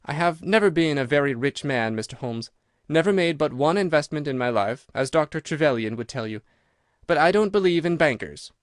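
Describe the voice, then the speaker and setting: A man's voice: on the high side, lively intonation, fairly quick, dry recording, studio quality, close to an everyday voice. A man voicing a nervous, fat older man with a reedy, quivering voice in an audiobook. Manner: jittery, pleading.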